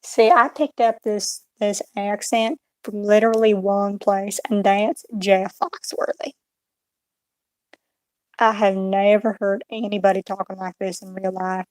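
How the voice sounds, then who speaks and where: A woman's voice: medium pitch, level tone, a little slow, no echo, lightly acted. A young woman putting on a joking rural Southern US accent, drawling and playful. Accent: put-on Southern US drawl.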